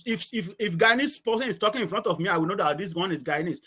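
A man's voice: high voice, lively intonation, quick pace, bright, forceful tone, slightly rough. A middle-aged man from Nigeria, a guest chatting casually in an interview, rambling, repeating words and laughing often.

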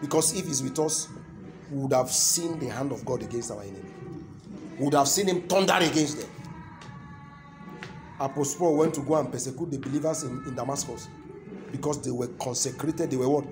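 A man's voice: medium pitch, brisk, long pauses, over music. A man with a Nigerian accent preaching a sermon, calling and responding with his congregation and repeating key phrases for emphasis. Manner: call-and-response, keeps asking the crowd "what?" to complete his lines.

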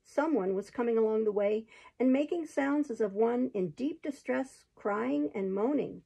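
Husky woman reading a storybook aloud. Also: a little high, normal speed, low-quality recording. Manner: steady, even narration.

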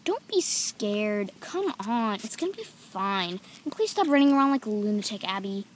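A woman voicing every figure in a homemade toy-figure story, excitable and giggly as she jumps between playful character voices. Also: medium pitch, normal speed, a little hiss or hum. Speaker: toy video creator voicing all figures.

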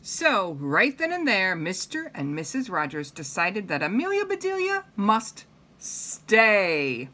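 A woman reading a picture book aloud to children, pausing to comment and ask them questions. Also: medium pitch, big pitch swings, sharp tone. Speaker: reader.

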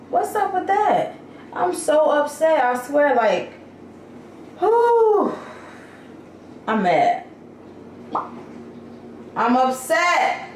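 A woman's voice: medium pitch, darkish tone, slight background noise. A woman vlogger talking casually and candidly to her viewers, venting about her day. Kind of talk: casual vlog chat. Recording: echoey room, mic at a distance.

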